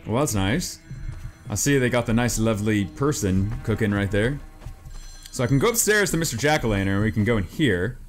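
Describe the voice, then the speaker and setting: A man doing let's play commentary on a horror game, jumpy and excitable, piling up repeated exclamations. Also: fairly low pitch, brisk, faint music behind. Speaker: gameplay commentator.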